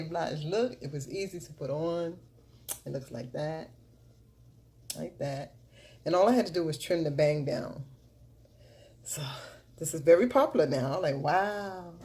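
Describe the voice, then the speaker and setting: A woman's voice: low voice, a little slow, pauses often, a little mellow. A middle-aged woman chatting casually through a makeup tutorial, repeating her catchphrases and cheering herself on. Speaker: makeup vlogger.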